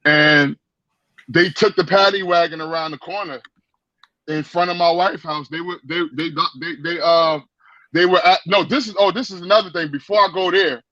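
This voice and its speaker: A man telling a story in a casual chat, animated and profane, with lots of stammered restarts, on dry lo-fi stream audio. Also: on the high side, moderate pace, dry recording. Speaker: guest.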